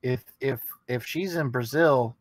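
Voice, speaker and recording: A man's voice: medium pitch, measured pace, no room sound. A man co-hosting a wrestling podcast in casual chat, joking and swearing, rambling with restarts. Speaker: podcast co-host.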